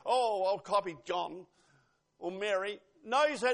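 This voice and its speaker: An older man preaching a sermon in a church, earnest and pausing, with rising and falling emphasis. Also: high voice, expressive.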